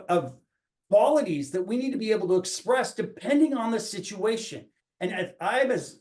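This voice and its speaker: A coach in his forties speaks earnestly on a reflective podcast, often restarting his phrases as he thinks aloud. His voice is very high-pitched, and the recording has a roomy echo.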